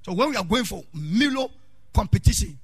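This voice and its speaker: A middle-aged Ghanaian man preaching a sermon as pastor, calling out to the congregation, shouting in a sing-song way and telling stories from his own life. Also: high-pitched, lively intonation, a little fast, husky, dry recording.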